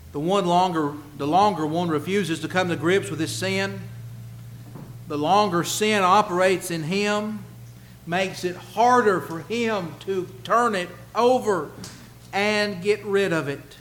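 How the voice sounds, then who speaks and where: Emphatic preacher man, slightly high voice. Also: takes it slowly, a little hiss or hum. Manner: emphatic, rhetorical questions, swings between loud and hushed. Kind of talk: sermon.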